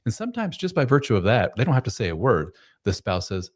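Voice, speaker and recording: A man's voice: mid-range voice, big pitch swings, fast. A man hosting a live advice chat who talks frankly and bluntly and swears casually. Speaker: host.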